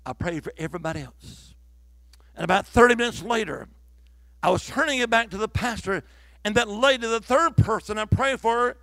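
Preacher guy, high gravelly voice, big swings from shouting to whispering, dry close sound. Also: no echo. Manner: dramatic storytelling, swings from loud declaring to hushed whispers. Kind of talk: sermon. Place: church.

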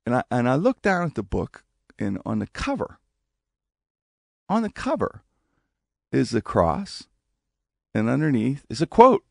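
A man casually telling a personal story, animated, acting out the voices of people he quotes. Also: a little slow, gravelly, pauses often, no room sound. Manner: animated, acts out quoted speech with big pitch jumps.

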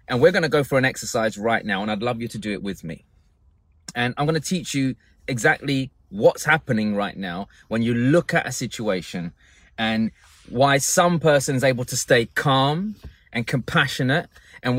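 A man's voice: mid-range voice, no room sound. A man giving a motivational talk, guiding listeners through an exercise with emphatic, repeated instructions. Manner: emphatic, directive, repeats phrases. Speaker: public speaking coach.

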